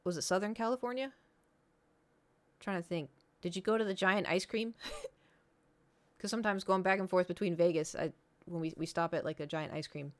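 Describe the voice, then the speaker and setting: Woman streamer, young adult, somewhat low voice, rambling casual chat at a desk mic. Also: normal speed, pauses often. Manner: rambling, chatty, talks to chat and pet.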